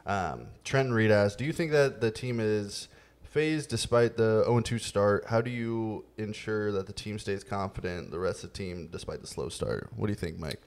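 A man hosting a podcast, telling a story in a relaxed, casual way with many fillers. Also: lowish voice, normal speed. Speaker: podcast host. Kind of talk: casual chat.

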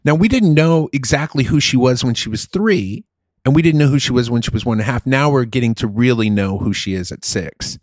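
A man with a lively voice that swings up and down chats and jokes on a podcast. His voice sits in a middle register and sounds close and dry. He sounds like he is in his thirties. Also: mid-range voice, fairly quick, dry recording. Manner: animated, joking. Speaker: podcast co-host. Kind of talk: casual chat.

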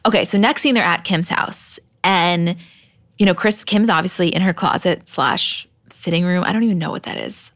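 A woman's voice: fairly low pitch, moderate pace, dry recording. A young adult woman co-hosting a podcast, chatting casually and retelling scenes with quoted lines. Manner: animated retelling, acting out quotes. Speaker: podcast co-host. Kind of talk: casual recap chat.

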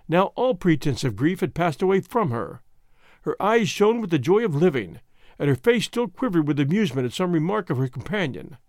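A male narrator reading a story aloud with a very lively, varied delivery and a fairly high voice. The recording is close and dry, with no room sound. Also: no room sound. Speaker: audiobook narrator. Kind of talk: scripted narration.

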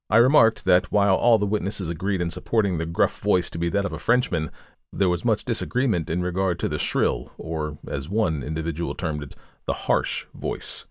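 A man narrating a classic tale in a steady, formal audiobook style. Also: low-pitched, normal speed, no echo, clean studio sound.

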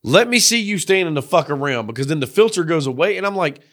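A young adult man co-hosting a podcast, telling crude work stories in a profane, animated way and acting out the quotes. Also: on the high side, fast. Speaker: podcast co-host. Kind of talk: casual crude banter.

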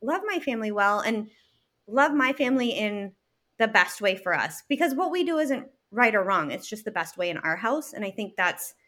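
An earnest woman in her thirties speaks as a guest in a relaxed interview. Her mid-range voice turns animated and she laughs easily as she talks about her family. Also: mid-range voice, normal speed. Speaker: guest, working mother. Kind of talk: casual interview chat.

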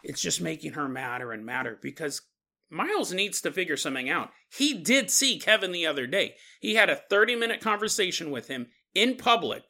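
High, bright-voiced male storyteller. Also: very animated, a little fast. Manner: conversational, many fillers. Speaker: podcast host. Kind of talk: casual storytelling.

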